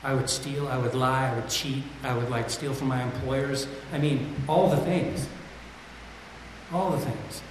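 A man's voice: mid-range voice, fairly even intonation, measured pace, slight background noise. Man confessing his story in echoey hall. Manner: confessional, raw and self-deprecating. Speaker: speaker sharing his recovery story. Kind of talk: candid personal testimony. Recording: echoey hall with long reverb, faint ambience.

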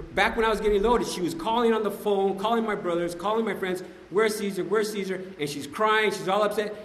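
A man giving a personal recovery testimony to a group, telling his story in an animated, slangy way and often addressing the listeners directly. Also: high voice. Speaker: speaker sharing at a recovery meeting. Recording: echoey hall with long reverb.

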